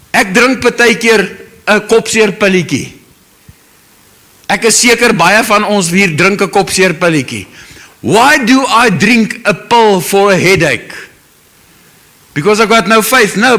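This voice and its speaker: A man's voice: sits high, bright, forceful tone. A man with a South African English accent preaching a sermon as pastor, earnest and emotional, with Afrikaans phrases mixed in.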